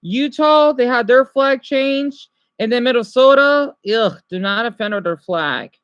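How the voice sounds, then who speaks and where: A woman's voice: a little high, expressive, measured pace, dry recording, highs cut off. A woman streaming live, chatting casually and answering viewers' comments as she reacts to a video. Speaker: livestreamer.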